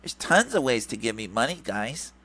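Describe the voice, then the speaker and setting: A man's voice: mid-range voice, big pitch swings, normal speed, bright, forceful tone. A man putting on a mocking nasal voice for a greedy, whiny male grifter who keeps begging for money. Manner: mocking, sing-song and repetitive. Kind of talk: mocking impression.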